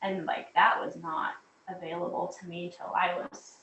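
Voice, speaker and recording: A woman's voice: fairly low pitch, normal speed. A middle-aged woman and mother, chatting casually in a group conversation over a video call and telling stories animatedly. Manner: chatty, animated storytelling with many fillers. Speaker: mother sharing parenting experience. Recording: roomy, distant mic with faint noise.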